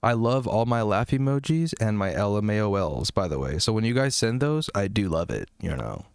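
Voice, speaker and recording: A man's voice: lowish voice, lively intonation, a little fast, darkish tone, clear, resonant tone, no room sound. Chatty man hosting a music review stream. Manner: rambling, profane, self-deprecating, chatty with viewers. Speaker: music review livestream host. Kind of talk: casual livestream chat.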